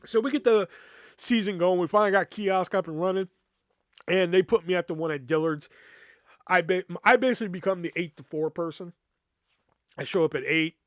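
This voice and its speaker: A man's voice: high-pitched, brisk, pauses often, no echo. A man hosting a podcast, telling a long casual story in a rambling, profane way with lots of filler words. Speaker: podcast host.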